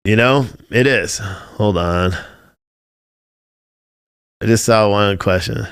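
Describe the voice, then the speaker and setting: A man's voice: fairly low pitch, slow, long pauses, a bit bright, clean tone. A man hosting a live-streamed political talk show, ranting in a loose, profane way and breaking into mocking impressions.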